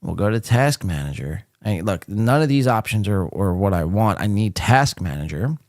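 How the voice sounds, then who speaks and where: A man's voice: lowish voice, sing-song, moderate pace, darkish tone, no room sound, studio quality. A man hosting a live podcast, talking casually with blunt sarcasm and frequent swearing. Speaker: podcast host.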